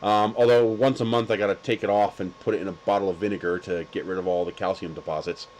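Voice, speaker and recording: A man's voice: low-pitched, steady tone, fast, a little mellow, slight background noise, poor audio. A man hosting a livestream, telling stories in a casual chat with lots of laughter and crude jokes. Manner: laughing, crude joking storyteller. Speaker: livestream host.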